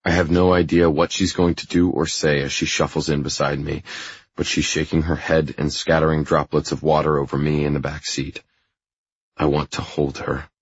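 A man narrating a first-person audiobook in a low, intimate, even reading style. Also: moderate pace, breathy edge, dry recording, muffled recording.

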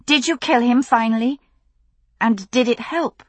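A woman voicing an angry young woman demanding answers from her father, sharp and raw. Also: a little high, a little slow, no echo, pitched above the performer's own voice. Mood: urgent.

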